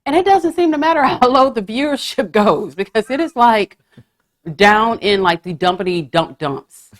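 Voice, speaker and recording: A woman with a slightly high, animated voice talks at normal speed as she hosts a podcast, trading profanity and gossipy humor in casual conversation.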